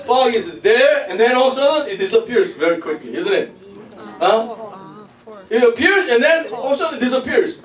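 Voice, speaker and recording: A man, preaching a sermon as pastor, talking back and forth with the congregation and breaking into shouts and laughter. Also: very high voice, expressive, moderate pace. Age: 40s. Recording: echoey hall from far off with crowd.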